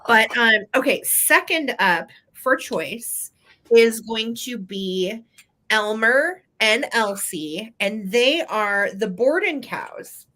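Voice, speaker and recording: Lady hosting a live vintage sale, bright voice, jokey and laughing a lot. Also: fairly high pitch, animated, takes it slowly. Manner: chatty, playful, laughs often.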